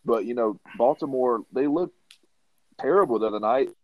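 A man on a sports talk panel, calmly breaking down plays and citing stats. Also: medium pitch, normal speed, no echo, narrow, tinny audio. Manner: analytical, stat-citing. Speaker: podcast panelist.

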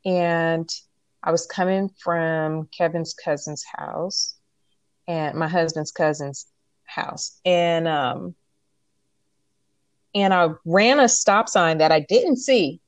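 A young woman from California, co-hosting a casual podcast chat and telling stories with animated quoted asides. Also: low voice, takes it slowly, no room sound. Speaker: podcast co-host.

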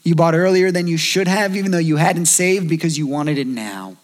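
A man's voice: fairly high pitch, normal speed. A man in his thirties giving a sermon as a pastor, talking to the congregation in a conversational way and acting out the voices he quotes. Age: 30s.

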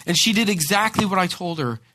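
Bright-voiced high-pitched preacher man. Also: a little fast, no room sound. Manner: animated storytelling, frequent word repeats. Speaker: pastor. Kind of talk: sermon with personal storytelling.

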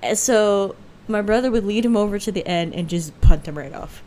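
A woman's voice: mid-range voice, normal speed. A young woman co-hosting a podcast, chatting casually and telling stories with laughs and acted-out voices. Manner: animated storyteller, laughs often, acts out voices. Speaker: podcast co-host. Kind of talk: casual chat.

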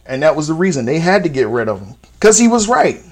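Fast and very animated, a solo podcast host in his thirties speaks in a fairly high, darkish voice. He's casual, blunt, and profane, and his voice shoots up sharply when he emphasizes something.

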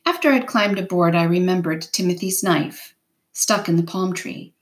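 A woman reading a novel aloud in first person with steady, unhurried storytelling. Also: lowish voice. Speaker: reader.

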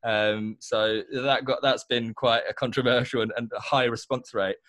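A man's voice: mid-range voice, steady tone, moderate pace, fairly bright tone, no echo. Chatty young man. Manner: chatty, says like and you know a lot. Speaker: podcast guest. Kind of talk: casual chat.

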